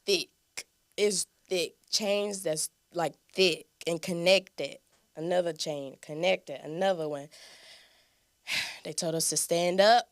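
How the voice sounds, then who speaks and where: A young woman hosting a podcast, telling a personal testimony in an animated, conversational way and often turning to her listeners. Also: on the low side, slow, no room sound, studio quality. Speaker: podcast host. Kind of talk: casual testimony storytelling.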